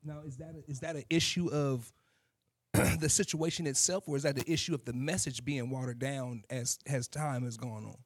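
A male co-host with an ordinary mid-range voice, taking part in a casual faith discussion. He works through his ideas out loud and keeps raising questions. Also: mid-range voice, fairly even intonation, moderate pace. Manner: thoughtful, questioning, thinks aloud.

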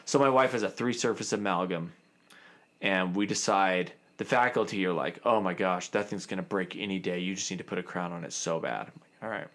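A man in his thirties, a dentist, telling a story in a casual, animated way and acting out the other people in it. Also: on the low side.

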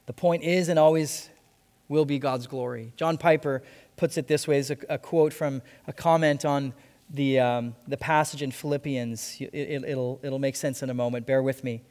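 Guy preaching a sermon, earnest, repeats stuff slow for emphasis, echoey church hall. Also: medium pitch, steady tone, darkish tone. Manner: earnest, repeats phrases for emphasis, slows on key lines. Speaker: pastor. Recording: long hall reverb.

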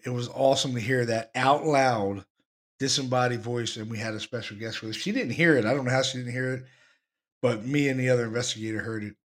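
A man hosting a podcast, talking excitedly about the recordings he plays and repeating himself as he goes. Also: medium pitch. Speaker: podcast host, paranormal investigator.

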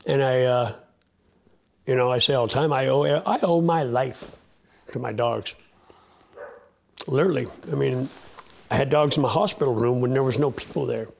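A man's voice: mid-range voice, normal speed, gravelly, pauses often, a little mellow, slight background noise. A man, a sled dog racer, telling a heartfelt story in an interview in a folksy, plain-spoken way, with many fillers and restarts. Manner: choked up and close to tears at times.

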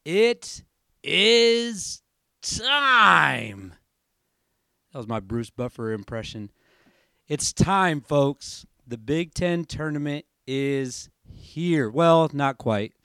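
A man in his thirties hosting a casual sports podcast, chatty and rambling, his voice hoarse from allergies. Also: medium pitch, slow pace, no echo, clean studio sound. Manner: chatty and rambling, self-correcting. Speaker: podcast host.

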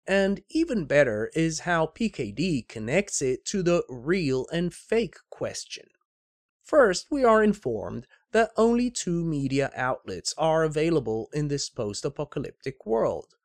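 A man giving a scripted book analysis, reading measured and deliberate with wry asides. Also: a little high, sing-song, no echo, clean studio sound. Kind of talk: scripted narration with read-aloud quotes.

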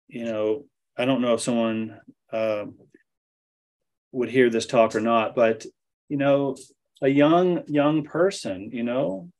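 A man giving a talk, telling an anecdote and acting out the dialogue. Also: medium pitch. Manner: animated storyteller acting out dialogue. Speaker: speaker at a study center. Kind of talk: storytelling talk with Q&A.

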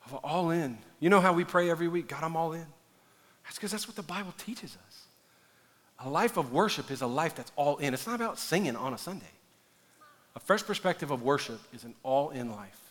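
A man preaching a sermon as pastor, animated and building at times to shouting. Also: medium pitch. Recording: echoey hall reverb.

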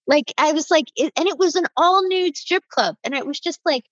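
A woman from Canada hosting a casual podcast chat, blunt and quick to swear. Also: high-pitched, a bit bright, dry recording, highs cut off. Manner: blunt, swears freely, quick back-channel replies. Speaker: podcast host.

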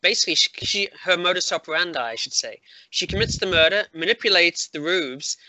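A man's voice: high-pitched, animated, brisk, pushed and bright, dry recording. A man hosting a podcast over a video call, casually chatting and spinning a mock-serious theory with playful delivery. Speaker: podcast host. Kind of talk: casual chat.

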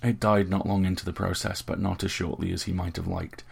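Deep, gravelly male storyteller. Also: little pitch movement, brisk. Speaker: narrator. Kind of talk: audiobook narration.

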